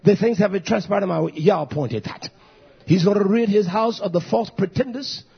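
Fiery husky-voiced male preacher. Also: moderate pace. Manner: preaching with sudden shouted swells and low muttered asides. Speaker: pastor. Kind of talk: fiery sermon. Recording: dull lo-fi recording.

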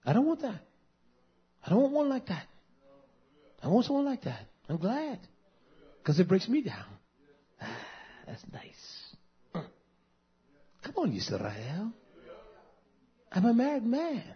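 A man in his fifties preaching a sermon, swinging between loud fervent passages and soft, intimate asides. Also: sits high, huge pitch swings, takes it slowly, long pauses, husky, lo-fi sound.

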